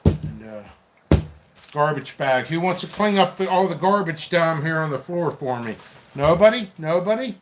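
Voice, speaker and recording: A pepper seed seller who runs his own channel hosts a casual solo vlog, rambling and chatting to himself as he works in a basement. His voice is fairly high with lively intonation and a measured pace, and the recording is very noisy.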